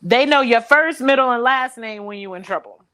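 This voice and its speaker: A woman's voice: on the high side, normal speed, clear, resonant tone. A woman in a casual panel chat, laughing often and telling stories with speech. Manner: laughing, lively storytelling.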